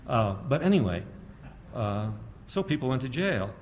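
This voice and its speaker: A man's voice: mid-range voice, sing-song, moderate pace, slight background noise. Sardonic older man lecturing. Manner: sardonic, storytelling, asks the audience rhetorical questions. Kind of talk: public lecture.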